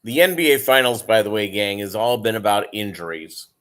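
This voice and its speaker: A man's voice: lowish voice, animated, a little fast, fairly bright tone. A man who breeds fish, chatting casually and rambling on his live stream and calling viewers "gang".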